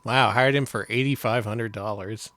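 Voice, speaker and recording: A man's voice: lowish voice, fairly even intonation, normal speed, sharp tone. A man co-hosting a retro game stream, chatting casually and making dry jokes. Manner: wry, joking, often laughing. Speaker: stream co-host. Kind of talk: casual chat. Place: home stream setup.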